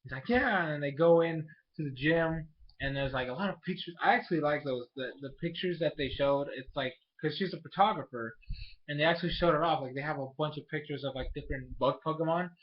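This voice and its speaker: A man's voice: on the high side, quick pace. A young man talking through a casual video review of a cartoon episode, rambling and full of fillers. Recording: dull lo-fi home recording.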